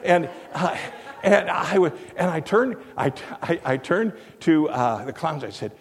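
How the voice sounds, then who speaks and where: A man's voice: on the high side, animated, a little slow, gravelly. Rambling older man preaching in echoey hall. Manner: rambling, many fillers and restarts. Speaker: preacher telling a story. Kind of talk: storytelling sermon. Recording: long hall reverb.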